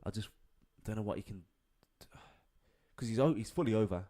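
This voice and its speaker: A man's voice: fairly low pitch, normal speed, mellow. A young man with a Birmingham accent, co-hosting a podcast in casual, slangy chat full of swearing and laughs. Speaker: podcast co-host.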